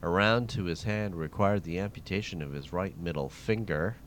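A low-voiced man hosts a trivia segment on a radio show, reading history questions at a moderate pace amid casual banter. His intonation is lively, and there's a little hiss or hum.

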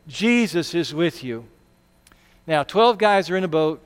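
A man preaching a Sunday sermon as pastor, talking conversationally and acting out quotes with sudden loud bursts. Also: a little high, expressive, unhurried, smooth. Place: church sanctuary. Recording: long hall reverb.

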